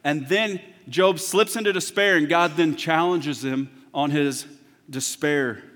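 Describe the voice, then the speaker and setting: A man preaching a sermon as pastor, moving from hushed, intimate talk to loud, impassioned preaching. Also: a little high, measured pace. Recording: long hall reverb.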